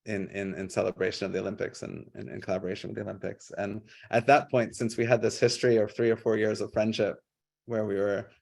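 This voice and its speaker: A man presenting his public art work on a video call, casual and halting, with many fillers and restarts. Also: lowish voice, little pitch movement, vocal fry, darkish tone. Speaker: guest artist.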